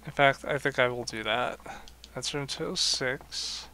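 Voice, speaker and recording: A man's voice: medium pitch, unhurried, bright, forceful tone, a little hiss or hum. A man streaming a video game, giving casual, wry commentary on a desk mic. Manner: musing, wry.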